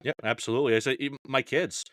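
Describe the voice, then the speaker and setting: A man's voice: medium pitch, fairly even intonation, racing, fairly bright tone, no room sound. A middle-aged man chatting casually as a podcast guest, rambling with many "you know"s and restarts. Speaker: podcast guest, fantasy baseball analyst.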